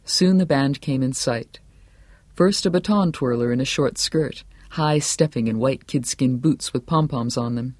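A man narrates a novel in a steady, measured way, never rushing. His voice sits at a middle pitch. The recording is dry and close, with no room sound. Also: no echo. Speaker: audiobook narrator. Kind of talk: scripted narration.

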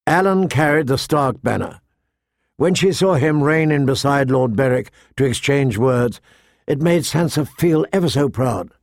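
Narrating an audiobook, a man uses a mid-range voice captured in clean studio sound without any room sound. He reads in an expressive yet measured way, like a storyteller.

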